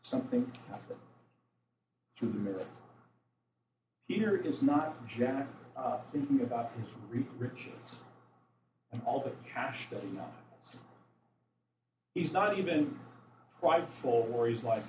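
A man's voice: mid-range voice, sing-song, unhurried, pauses often, slight background noise. A man preaching a sermon as pastor, talking plainly and asking the congregation questions. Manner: conversational, asks the congregation questions; grows louder and more urgent toward the end. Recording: echoey room, mic from a distance.

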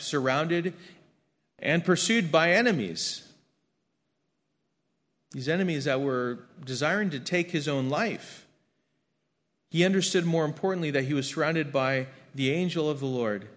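A man preaching a sermon and reading scripture aloud, earnest, swinging between emphatic lines and hushed ones, often repeating his words. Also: fairly high pitch. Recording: long hall reverb.

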